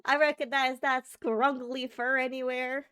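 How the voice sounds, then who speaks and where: A woman's voice: high voice, flat delivery, unhurried, bright, forceful tone, clear, resonant tone, no echo, studio quality. A woman streamer chatting casually and thinking aloud while playing a game. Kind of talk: casual live-stream chat while gaming.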